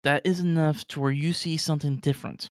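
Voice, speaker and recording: A man's voice: fairly high pitch, steady tone, fast. A man narrating as game master of a tabletop role-playing game, rambling and full of "like". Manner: rambling, heavy with "like".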